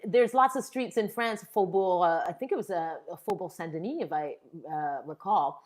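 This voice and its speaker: A woman hosting a livestreamed chat over a video call, chatty, upbeat and quick to agree. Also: medium pitch, animated. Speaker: festival host.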